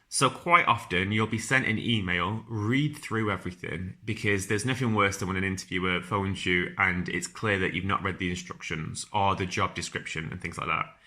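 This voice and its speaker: A man's voice: on the low side, bright, forceful tone. A young man with a strong Northern English accent giving casual careers advice as a podcast host, chatty and informal with frequent ums and restarts.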